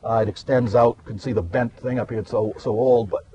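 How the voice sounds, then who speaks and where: A man's voice: mid-range voice, steady tone, quick pace, mellow, slightly rough, muffled recording. A man, a meteorologist guest explaining things in a rambling, hesitant way. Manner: rambling, hesitant with many uhs. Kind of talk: casual explanatory chat. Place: outdoors in a garden.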